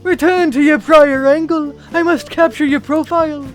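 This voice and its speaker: A man voicing a pompous young artist, very high. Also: steady tone, normal speed, soft background music. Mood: grandiose. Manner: theatrical, flowery formal speech. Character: pompous young male artist, grandiose and dreamy. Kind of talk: reading game dialogue aloud on stream.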